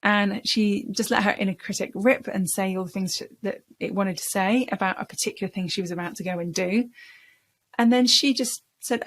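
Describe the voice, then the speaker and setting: A woman's voice: medium pitch, steady tone, moderate pace. A woman speaking coach giving a lesson, explaining in a conversational way and repeating words for emphasis. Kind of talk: talking-head coaching lesson.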